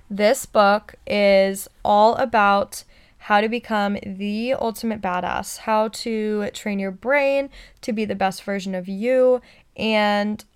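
Podcast host, woman, bubbly pep-talk delivery, slow and smooth, a touch high. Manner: excited, pep-talk cheerleading. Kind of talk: solo motivational podcast talk.

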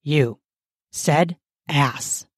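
A woman voicing a bossy, bookish woman professor in an audiobook, talking low and dry. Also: drawn-out words, slightly rough, no echo, heavily acted. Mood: grumbling. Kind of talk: audiobook character voice.

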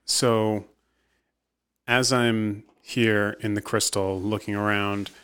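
Very slow-talking male player. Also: lowish voice, steady tone, a bit bright, clear, resonant tone. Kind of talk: tabletop role-play chat.

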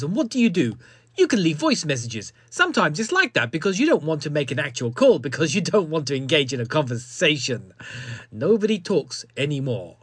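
A man's voice: a little high, husky, no room sound, clean studio sound. A man hosting a comedy podcast, sarcastic and self-mocking, with crude asides. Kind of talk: sardonic comedy monologue.

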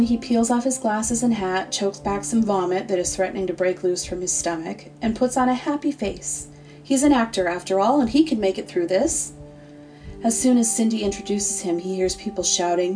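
A woman narrating a comedic story in a deadpan, sardonic way. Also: mid-range voice, normal speed. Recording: distant mic, faint music.

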